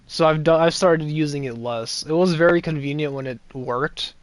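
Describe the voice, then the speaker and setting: A man's voice: a little high, moderate pace, few pauses, dry recording. A young man giving casual, rambling gameplay commentary with sarcastic asides and chuckles. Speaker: gameplay streamer.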